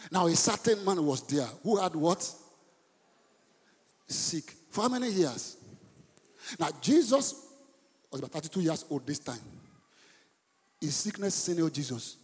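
A middle-aged Nigerian man preaches a sermon in a high, husky voice that carries a long reverb through the church hall. He swings from hushed asides to sudden loud bursts. He repeats words for emphasis. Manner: dramatic swings between soft asides and loud outbursts; code-switches mid-sentence, repeats words for emphasis. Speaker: pastor.

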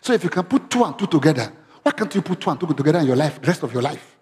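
A male pastor with a slightly high, very fast voice preaches a sermon in a church hall, often putting questions to the congregation. He's animated and interactive, raising his voice when he quotes. The recording carries a long hall reverb.

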